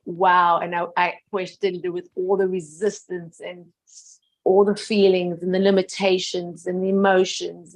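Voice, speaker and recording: A woman telling a heartfelt personal story in an earnest, emotional way. She repeats phrases, laughs softly, and often drops to a hushed voice. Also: fairly low pitch, gravelly.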